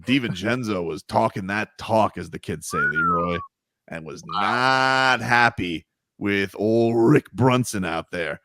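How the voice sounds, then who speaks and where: A man's voice: on the low side, wildly swooping pitch, slow, bright, forceful tone, dry recording, studio quality. A man hosting a sports radio show, teasing his co-hosts and joking in casual banter. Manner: playful, teasing, puts on goofy voices.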